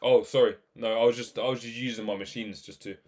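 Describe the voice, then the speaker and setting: Young man, casual reaction rant, animated, mid-pitched voice. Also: fast, slight background noise. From England. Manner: animated, ranting, asks exclamatory questions. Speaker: video reaction host.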